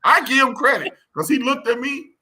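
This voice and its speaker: Animated, bright-voiced Chicago man telling a story. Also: very high voice, moderate pace, slightly rough. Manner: animated storyteller, slangy and blunt. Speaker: podcast co-host. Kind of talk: casual chat, storytelling.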